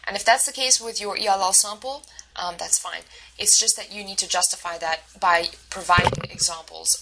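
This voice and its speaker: A woman's voice: medium pitch, rough recording. A woman instructor giving a recorded lecture, explaining step by step with fillers and restarts. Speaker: university instructor.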